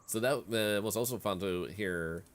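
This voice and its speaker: A man's voice: lowish voice, moderate pace. A man streaming a video game in casual commentary, chatting and reading the game's text aloud as he plays. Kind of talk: casual let's-play commentary.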